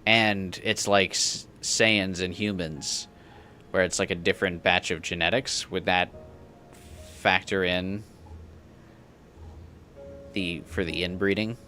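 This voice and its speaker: A man's voice: low voice, fairly even intonation, slow pace, long pauses, sharp tone, faint music behind. A man streaming a story game, chatting casually, joking and musing aloud about the plot. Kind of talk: let's play commentary.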